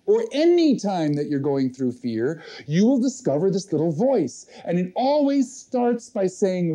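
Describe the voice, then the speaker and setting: Very dark-voiced man leading a seminar. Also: sits high, very animated, unhurried. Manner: earnest storytelling, addresses audience directly. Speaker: seminar leader. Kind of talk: motivational seminar talk to a live audience.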